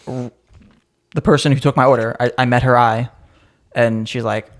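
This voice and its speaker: A young man telling stories on a casual chat podcast. He rambles and circles back, with plenty of "like" and "um," and his pitch sits in an ordinary middle range. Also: steady tone, unhurried. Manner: rambling storytelling with frequent fillers. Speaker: podcast co-host.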